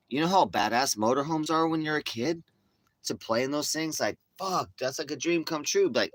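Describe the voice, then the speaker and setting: A middle-aged man chatting casually on a livestream, rambling through profane stories. He jumps into quoted voices of himself and others as he talks, at an average pitch for a man. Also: fairly quick, fairly bright tone, dry recording. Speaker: livestream host.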